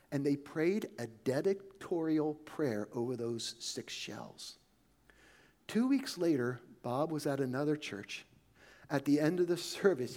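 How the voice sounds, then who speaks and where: A man preaching a sermon, telling a story in a conversational way that often sinks to a soft hush. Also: on the high side.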